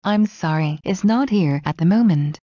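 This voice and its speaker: A woman slowly reading everyday English phrases one at a time for learners. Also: lowish voice, animated, dark tone, dry recording, muffled recording. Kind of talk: slow scripted phrase reading.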